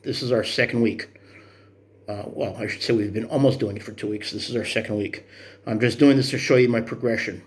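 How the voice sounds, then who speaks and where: A man's voice: on the low side, fairly even intonation, brisk. A man in his fifties talking through his workout progress in a vlog, earnest and encouraging in a rambling way. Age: 50s. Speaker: vlogger. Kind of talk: motivational fitness vlog.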